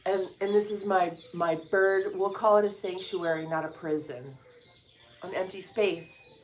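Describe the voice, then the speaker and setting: A woman's voice: mid-range voice, steady tone, unhurried, a little hiss or hum. A woman vlogging in a casual morning chat, joking and talking to her dogs. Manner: chatty, joking asides, talks to her dogs. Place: indoors by a window, birds outside. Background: birdsong.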